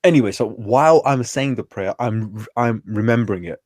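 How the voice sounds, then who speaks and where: A man's voice: lowish voice, normal speed, a little mellow, no room sound, studio quality. A man, a guest telling stories in a casual, slangy way full of fillers. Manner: chatty, informal, peppered with slang and fillers. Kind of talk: casual storytelling conversation.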